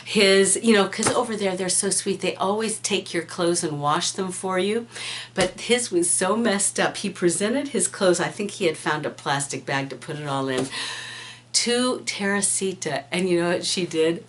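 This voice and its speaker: Slow-talking woman telling a story. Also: mid-range voice. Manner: animated, giggly storytelling with many fillers. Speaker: vlogger. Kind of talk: storytime vlog.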